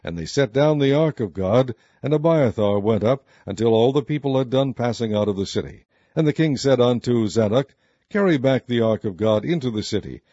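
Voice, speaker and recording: Mellow-voiced man reading scripture. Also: mid-range voice, no room sound, lo-fi sound. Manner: steady measured reading of archaic text. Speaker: narrator.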